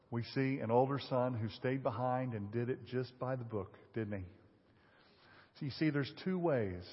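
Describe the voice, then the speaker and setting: A man preaching a sermon, reading scripture aloud and explaining it in a conversational way with occasional fillers. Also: mid-range voice. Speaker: pastor. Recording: dull audio in a hall with long reverb.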